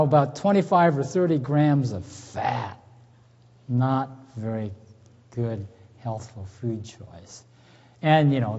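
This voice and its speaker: A man's voice: medium pitch, dark tone. Folksy man lecturing in an echoing hall. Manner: folksy, asks the audience questions, tells jokes. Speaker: health seminar speaker. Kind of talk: church health seminar lecture. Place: church hall with a live audience. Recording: dull lo-fi recording in a reverberant hall.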